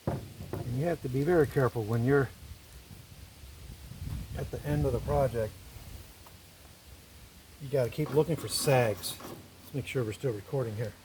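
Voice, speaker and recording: Speaking at normal speed with frequent pauses, a mid-range-voiced man narrates his woodworking against a noisy background. As a woodworker and video host in his shop, he thinks aloud and explains each step along the way.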